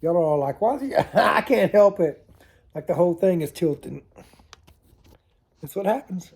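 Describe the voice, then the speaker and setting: A man's voice: on the high side, a little slow, vocal fry, darkish tone, husky. A man rambling through funny stories to camera in a casual vlog, laughing at himself. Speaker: storytelling vlogger. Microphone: camera mic on a tilting setup.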